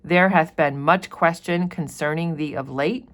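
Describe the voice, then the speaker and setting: A stern Puritan governor puts formal, archaic questions, read aloud by a woman. His tone is judgmental and deliberate. The delivery stays close to a plain storybook reading. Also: sits low, a bit bright.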